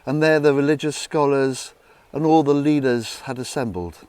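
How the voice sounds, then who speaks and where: A man narrating a Bible story in a dramatic retelling style, dropping to hushed tones. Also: moderate pace, clean tone, no echo. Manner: dramatic, hushed low passages.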